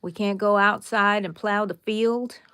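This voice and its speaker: A woman's voice: medium pitch, fairly even intonation, unhurried, fairly bright tone, clean tone, dry recording. Chatty Texan woman hosting a crochet stream. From Texas, USA. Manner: chatty, talks straight to viewers, rambling asides. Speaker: crochet livestream host. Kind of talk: casual live crochet tutorial.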